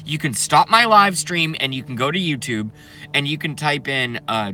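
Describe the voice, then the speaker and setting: A man's voice: on the high side, normal speed, pushed and bright, soft background music. A man doing a comedic, profane live stream rant, keeps breaking into laughing fits. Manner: profane, sarcastic.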